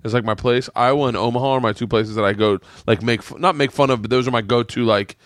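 A man's voice: mid-range voice, steady tone, quick pace, dry recording, clean studio sound. A man hosting a casual podcast chat, telling rambling stories, swearing freely and often restarting his sentences. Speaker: podcast host and comedian. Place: home podcast room.

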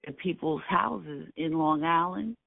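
An unhurried older man from Brooklyn remembers his family's past in an interview, his fairly high voice gravelly. The recording is dry and tinny like a phone line, without echo, and he speaks earnestly and emphatically, repeating key phrases.

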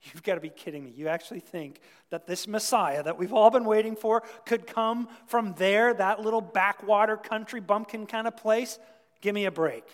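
A man's voice: sits high, normal speed, close to an everyday voice. A preacher voicing a sneering, educated male skeptic who dismisses others with a mocking tone. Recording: long reverb of a large hall.

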